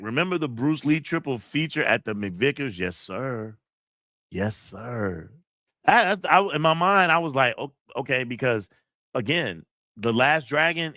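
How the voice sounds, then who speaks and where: A man's voice: fairly low pitch, pushed and bright, dry recording, studio quality. A man hosting a casual livestream, rambling in slangy talk and repeating his phrases. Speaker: host of a kung fu movie livestream.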